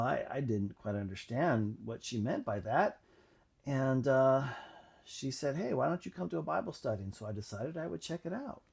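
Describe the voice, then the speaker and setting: A man telling his own faith story in a reflective, halting way, with many pauses and fillers. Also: lowish voice, mellow, husky. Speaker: channel host. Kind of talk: personal testimony monologue.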